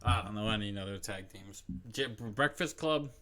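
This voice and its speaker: A man's voice: on the low side, moderate pace, very noisy. A man co-hosting a game stream, chatting in a crude, laid-back way with lots of swearing. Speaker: co-host. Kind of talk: casual game stream chat.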